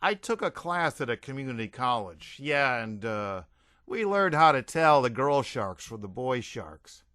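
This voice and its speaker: A man's voice: mid-range voice, unhurried, no room sound, studio quality. A man doing jumpy rocker Derek. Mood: sheepish. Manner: excitable, stammering. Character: rock-musician man Derek, jumpy and sheepish.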